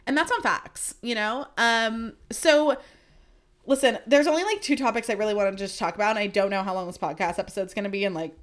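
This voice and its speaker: A woman's voice: mid-range voice, fairly quick. A young woman hosting a solo podcast, gushing and swearing as she rambles with lots of fillers, emotional and close to tears. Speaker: podcast host.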